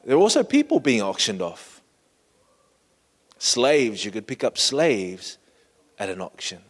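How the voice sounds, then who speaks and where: A man preaching a sermon, painting a vivid scene slowly and inviting listeners to imagine it. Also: medium pitch, huge pitch swings, big-room sound. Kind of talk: storytelling sermon.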